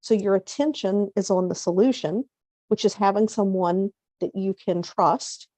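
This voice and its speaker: Woman host, middle-aged, warm mellow tone, dry close mic; chatty motivational coach who voices inner self-talk. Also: medium pitch, no room sound. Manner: conversational, acts out inner self-talk in quotes; slows down to stress key points. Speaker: hypnotherapist and coach, show host.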